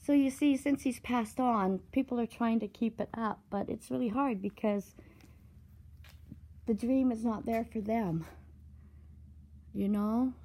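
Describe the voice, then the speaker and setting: A woman giving a walking vlog tour, talking in a slow, earnest, spiritual way and getting choked up at times. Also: on the high side, mellow, poor audio. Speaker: vlogger touring a site. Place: outdoor art site with walk-through rooms.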